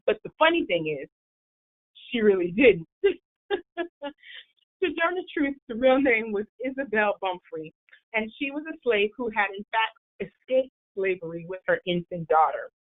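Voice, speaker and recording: A woman's voice: medium pitch, expressive, measured pace. Woman lecturing over a tinny line. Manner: explanatory, storytelling lecture. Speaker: historian and presenter. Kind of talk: library history talk.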